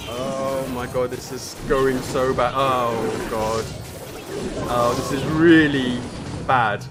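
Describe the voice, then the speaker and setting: A man hosting a live stream, commentating his own game with excitable groans and playful trash talk aimed at his opponent. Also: mid-range voice, takes it slowly. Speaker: streamer and show host. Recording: game music playing under the voice. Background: game music.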